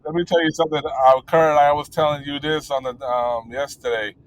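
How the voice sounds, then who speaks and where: A man's voice: a little high, fairly even intonation, fairly quick, rough recording. A man in casual chat about wrestling, rambling with many fillers and blunt, profane talk. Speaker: podcast co-host.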